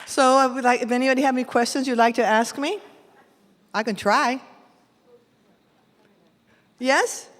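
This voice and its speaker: A woman from San Jose performing a bilingual folk tale live, animated and mixing Spanish with English. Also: sits high, measured pace, long pauses, some chatter behind. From San Jose, California. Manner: animated, switches between Spanish and English phrases. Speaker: storyteller. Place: large event hall. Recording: echoey hall from a live event.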